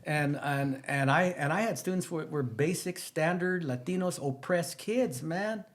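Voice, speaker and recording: A man, a teacher guesting on a podcast, telling stories in an animated, rambling way that jumps from one topic to the next. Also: moderate pace. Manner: animated, rambling, jumps between stories, emphatic pitch rises. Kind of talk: casual storytelling interview.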